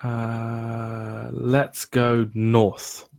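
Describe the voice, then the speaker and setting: A man's voice: medium pitch, completely flat delivery, very slow, vocal fry, darkish tone, no room sound. A man playing in a tabletop game, easygoing and matter-of-fact in casual table chat. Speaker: player.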